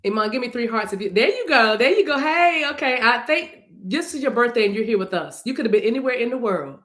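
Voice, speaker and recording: A woman's voice: fairly high pitch, lively intonation, quick pace, fairly bright tone, roomy sound. A woman reading cards on a livestream, talking casually and playfully to her viewers and breaking into song now and then. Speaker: livestream card reader.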